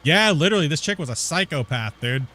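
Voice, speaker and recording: A man's voice: a little high, animated, fast talker, sharp tone. A man streaming a game and telling a story in a rambling, slangy way, calling people dude and bro. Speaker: gaming streamer. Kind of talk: casual storytelling while gaming.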